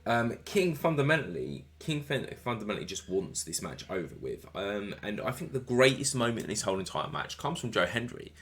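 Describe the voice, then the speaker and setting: Male wrestling reviewer, lower pitch, energetic casual delivery, addresses viewers. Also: brisk, few pauses.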